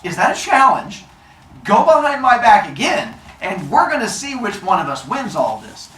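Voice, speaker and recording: A man's voice: high voice, huge pitch swings, normal speed, fairly bright tone, voice pushed up, heavily acted. A man voicing a boastful, scheming king of the gods with a mocking, gloating manner, in an echoey room heard from a distance. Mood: threatening.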